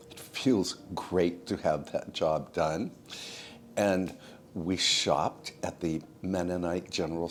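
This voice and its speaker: A man narrating his own home cooking vlog in a soft-spoken, unhurried and homey way, speaking to his viewers as friends. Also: low-pitched, a little hiss or hum.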